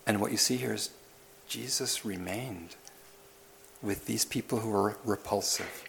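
A man's voice: lowish voice, measured pace, creaky, a bit bright, slight background noise. A man preaching a sermon as pastor, pressing his listeners with questions and repeated lists. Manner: questioning, building emphasis through repetition.

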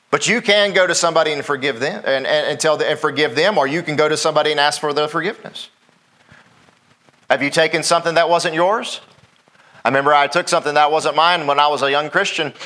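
A man's voice: on the high side, pushed and bright. A middle-aged man, a pastor preaching a sermon in a folksy way, often asking the congregation "Amen?".

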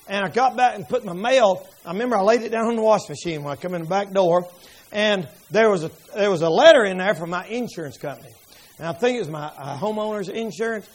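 High-voiced preaching man, fervent and folksy. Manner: folksy, fervent, bursts into shouting. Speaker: pastor. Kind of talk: revival sermon storytelling. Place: church sanctuary.

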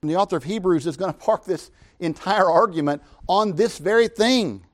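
A man's voice: high-pitched, normal speed. A man preaching a sermon, retelling scripture with emphatic, dramatic paraphrase.

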